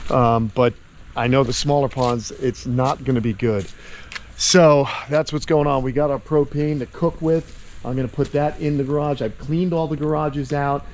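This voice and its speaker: A man's voice: medium pitch, darkish tone, a little hiss or hum. Chatty man vlogging outdoors. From Florida. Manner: chatty, talks fondly to his animals. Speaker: animal caretaker and vlogger. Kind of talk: casual walk-and-talk vlog. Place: outdoors at an animal camp with ponds.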